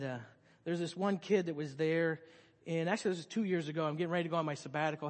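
A middle-aged man preaches a story-filled sermon, his voice sitting a little high for a man. He swings between loud, excited retelling and soft, hushed moments, with a long reverb trailing off his words in the hall. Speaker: pastor.

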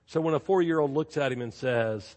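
A man preaching a sermon as pastor, telling stories in a lively way and repeating phrases for emphasis. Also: mid-range voice, fairly quick. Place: church sanctuary. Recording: long reverb of a large church.

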